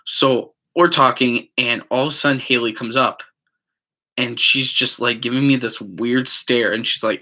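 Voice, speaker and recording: A man with a bright, forceful voice tells a personal story to the camera in loose, casual talk. He rambles along with plenty of ums and likes, and slips into acting out what other people said. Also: mid-range voice, steady tone, moderate pace. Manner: rambling, many fillers, acts out quotes. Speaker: vlogger.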